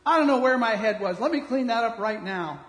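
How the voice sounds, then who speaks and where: A man's voice: extremely high pitch, expressive, a little fast, a bit bright. A man voicing a husband who sheepishly apologizes for leaving a mess in the kitchen. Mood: apologetic. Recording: echoey hall reverb.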